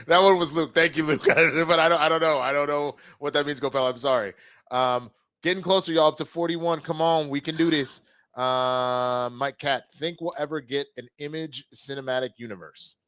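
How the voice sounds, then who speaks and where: A man's voice: on the high side, steady tone, normal speed, sharp tone, clean tone, no echo. A man hosting a live online show, chatting loosely and reading viewer comments. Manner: loose, chatty, trails off and restarts. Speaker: show host. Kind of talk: casual live-stream chat.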